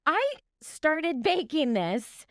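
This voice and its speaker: High, lively woman laughing at her bake. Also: very slow, no echo, studio quality. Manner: animated, giggly, self-deprecating. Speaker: podcast co-host, baker. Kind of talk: casual chat.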